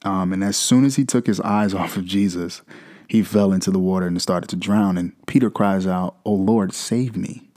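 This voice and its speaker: A man's voice: deep voice, fairly even intonation, normal speed, a little mellow. A young man hosting a devotional podcast, talking through scripture in a loose, conversational way with frequent "right?" asides. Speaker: podcast host. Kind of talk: casual devotional podcast talk.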